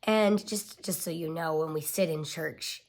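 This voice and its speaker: A woman's voice: deep voice, measured pace. A woman in her thirties telling a personal family story in a confiding way, often dropping to a near-whisper.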